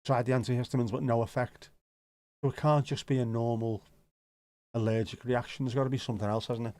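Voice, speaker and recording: A man's voice: mid-range voice, fairly even intonation, fairly quick, a little mellow, no room sound. A man with a Scouse accent hosting a casual livestream, rambling and joking as he answers viewer comments, swearing now and then. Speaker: livestream host.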